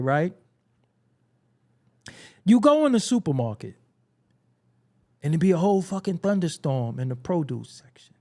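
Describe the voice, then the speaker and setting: Here's a man with a high voice hosting a hip-hop commentary show at a moderate pace, broken up by long pauses. He rants casually and profanely for laughs, staying animated, laughing a lot, and mimicking people mockingly.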